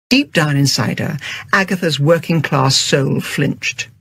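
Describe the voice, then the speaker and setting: Husky, creaky audiobook narrator. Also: medium pitch, measured pace. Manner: steady, storytelling.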